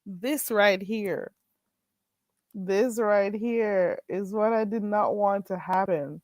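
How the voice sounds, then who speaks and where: A woman hosting a live stream in casual chat, chatty, with drawn-out exclamations. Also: mid-range voice, darkish tone, no echo. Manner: chatty, drawn-out "ooh"s and frequent laughter.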